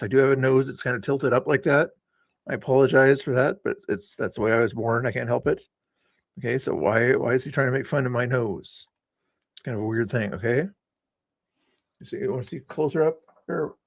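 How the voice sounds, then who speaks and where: A man's voice: medium pitch, creaky, dry recording, clean studio sound. A man hosting a casual livestream, rambling and teasing his guests and chat with sarcastic inflection. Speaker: livestream host.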